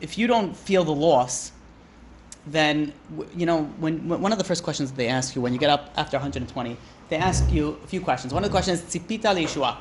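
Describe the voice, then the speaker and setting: A man, a rabbi, giving an informal Torah class, chatty and often interrupting himself to joke with the room. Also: sits high. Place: classroom with a live audience.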